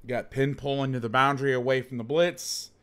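A man's voice: mid-range voice, brisk, smooth. A man hosting a casual football film breakdown, talking like a coach and cracking jokes. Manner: joking, animated coach talk. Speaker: host breaking down game film.

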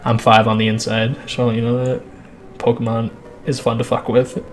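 Profane, sighing let's play host. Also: male voice, medium pitch, little pitch movement, fairly quick, slight background noise. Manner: profane, crass, sighing often. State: out of breath. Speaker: gaming channel host. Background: game music.

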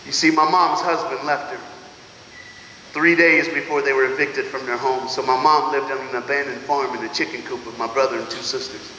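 A man giving a motivational speech to students, animated, calling out to the crowd, laughing often and swinging from loud to hushed. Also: medium pitch, a little fast, slight background noise. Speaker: motivational speaker. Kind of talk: school assembly motivational speech. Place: large school auditorium or gym. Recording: echoey hall with long reverb.

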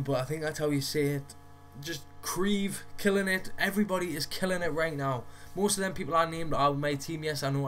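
A man with a Geordie accent, talking casually to his viewers as a gaming vlogger, rambling and slangy in a low-key way. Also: a bit bright, a little hiss or hum. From North East England. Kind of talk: casual talk to camera.

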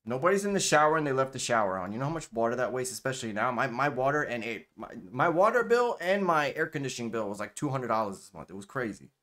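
A man's voice: mid-range voice, very animated, fast talker, few pauses, fairly bright tone. A man hosting casual gameplay commentary, loose and chatty, slangy, and he swears freely. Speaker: gaming channel host.

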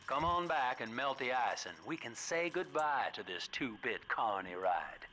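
An actor voicing a folksy, smooth-talking male schemer in a video game, chatting in a salesman-like way. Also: mid-range voice, expressive, unhurried, bright, forceful tone, slight background noise. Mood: breezy. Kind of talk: game dialogue.

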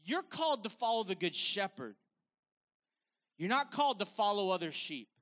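A man's voice: sits high, big pitch swings, moderate pace, a bit bright. A man preaching a sermon with energy, repeating phrases for emphasis in a conversational style. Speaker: evangelist preacher.

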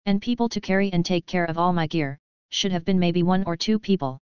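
Low smooth woman narrating a novel. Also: a little fast, darkish tone, no room sound. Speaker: audiobook narrator. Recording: dry, dull lo-fi.

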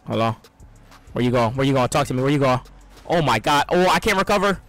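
A young man giving excitable, trash-talking live commentary on his own gameplay, swinging between loud outbursts and low mutters. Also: fast, soft background music. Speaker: gaming streamer.

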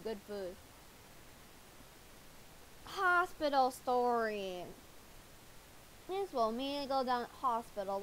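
Bright, jokey woman playing a game. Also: on the high side, slight background noise, low-quality recording. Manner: jokey, excitable reactions. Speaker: gamer. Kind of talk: casual gameplay commentary.

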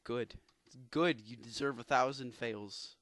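A man's voice: medium pitch, a little slow, a bit bright, slight background noise. A man playing a game with a friend, complaining and sounding exasperated. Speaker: gamer. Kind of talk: gaming commentary with a friend.

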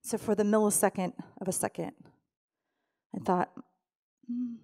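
A woman's voice: mid-range voice, flat delivery, moderate pace, gravelly, mellow. A middle-aged woman pastor preaching a sermon, telling a personal story with strong emotion and acting out her own pleading prayers.

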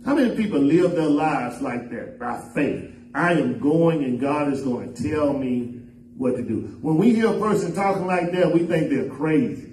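A man preaching a sermon as pastor, swinging up and down in pitch and half-singing some phrases. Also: lively intonation, moderate pace, a little mellow. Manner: preaching with sudden rises and drops in pitch, half-sung phrases. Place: church sanctuary. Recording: echoey church room, voice from far off the mic.

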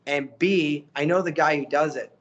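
A middle-aged voice actor chatting as a guest, animated and motivational, often acting out the quotes he tells. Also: a little high, normal speed, highs cut off. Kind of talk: casual interview chat.

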